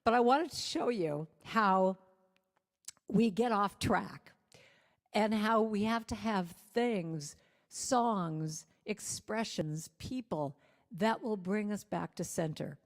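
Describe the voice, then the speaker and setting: A woman singer-songwriter, a guest speaker, telling a self-deprecating personal story to a congregation with lively humor. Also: mid-range voice, slow pace. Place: church sanctuary. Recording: long reverb of a church hall.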